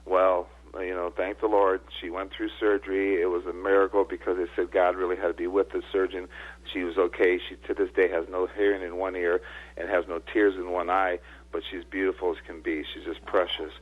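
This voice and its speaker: A man in his sixties, a guest on a radio show, tells stories in an emotional, earnest way. His voice sits low with little pitch movement and moves fairly quickly. He comes through a tinny phone line.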